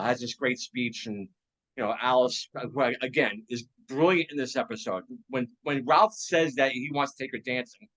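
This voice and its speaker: A man's voice: medium pitch, a bit bright, low-quality recording. A man hosting a casual chat about an old TV show, enthusiastic and laughing often, with many fillers. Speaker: podcast host.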